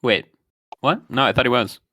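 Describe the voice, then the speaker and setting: A man co-hosting a podcast, chatting casually with dry, quick-witted remarks. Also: mid-range voice, lively intonation, pushed and bright. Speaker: podcast co-host. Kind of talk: casual chat.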